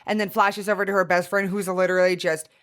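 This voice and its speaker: A woman's voice: lowish voice, little pitch movement, quick pace. A woman co-hosting a podcast, telling a candid story in casual chat, full of "like" and swearing freely. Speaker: podcast co-host.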